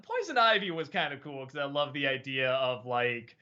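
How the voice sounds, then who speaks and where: Bright-voiced man rambling on a lo-fi stream. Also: medium pitch, very animated, normal speed. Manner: rambling, hesitant, filler-heavy. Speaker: host. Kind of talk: casual livestream Q&A chat.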